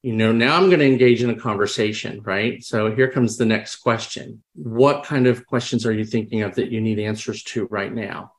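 This podcast guest, a crisis responder, talks in a lowish voice at normal speed with few pauses. His conversational storytelling is reflective, full of restarted sentences and quoted dialogue he performs aloud.

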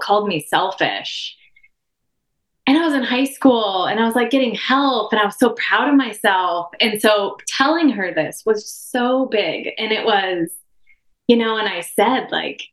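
A woman in her thirties opens up as a podcast guest, her speech rambling and emotional, full of restarts and fillers. Her voice sits at a middle pitch. The recording carries a noticeable room echo. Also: fairly bright tone. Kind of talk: candid personal conversation.

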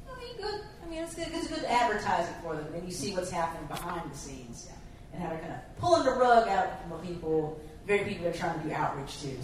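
A woman's voice: fairly low pitch, slight background noise. A middle-aged woman hosting a teach-in, chatting in a conversational way. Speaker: event host. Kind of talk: casual hosting remarks. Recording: roomy, from far off the mic.

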